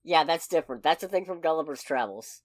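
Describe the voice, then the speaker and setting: A woman co-hosting a podcast in loose, casual chat. Her voice sits a little low but swings widely in pitch as she rambles and corrects herself. The sound is close and dry. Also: lively intonation, fast talker, dry recording. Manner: rambling, self-correcting, jokey. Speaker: podcast co-host.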